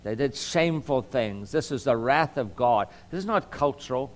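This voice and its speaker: A middle-aged man from Southern California, a lawyer teaching the Bible in an earnest sermon style, often repeating words and filling pauses with um. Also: medium pitch, expressive.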